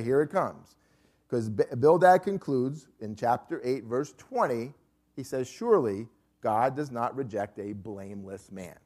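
A man leads a Bible class in a lively, swooping voice that rises and falls freely. His pitch sits a little high for a man. He talks emphatically and keeps checking in with the group as he teaches.

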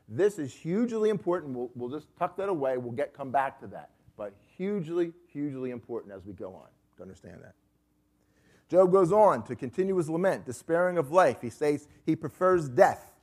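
A man leads a Bible class in a lively, swooping voice that rises and falls freely. His pitch sits a little high for a man. He talks emphatically and keeps checking in with the group as he teaches. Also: normal speed.

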